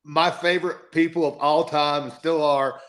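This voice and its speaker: A man who grew up in southern Florida, chatting as a guest on a talk stream. He tells stories with lots of laughter, and his voice sits a bit high. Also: normal speed. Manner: laughing, animated storyteller. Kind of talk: casual chat, storytelling.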